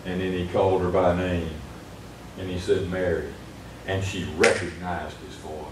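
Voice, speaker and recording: A man's voice: sits low, level tone, moderate pace, noisy background. A man preaching an earnest sermon in a small church, retelling Bible stories with rising emphasis. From United States. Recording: echoey church room from far off.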